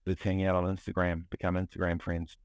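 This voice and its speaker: Low-voiced New man, candid. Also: completely flat delivery, brisk, no room sound. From New Zealand. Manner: candid, restless, heavy on fillers and restarts. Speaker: guest, music producer. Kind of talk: casual podcast conversation.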